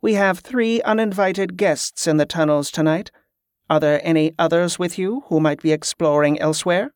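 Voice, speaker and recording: A man playing a calm, menacing monk. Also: a little high, normal speed, smooth, no echo, studio quality, close to an everyday voice. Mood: interrogating. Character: calm, watchful monk who works spells.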